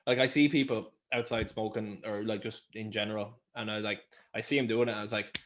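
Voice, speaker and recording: A man's voice: on the low side, fairly even intonation, brisk, a bit bright. A young Irish man co-hosting a podcast, telling rambling stories in casual chat and swearing freely. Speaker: podcast co-host.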